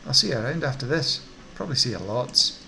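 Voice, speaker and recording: A man's voice: mid-range voice, sing-song, fast, vocal fry, sharp tone, a little hiss or hum, exaggerated voice. A man voicing a twitchy male orc drug dealer with a Scottish accent and wheedling salesman patter. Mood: jittery.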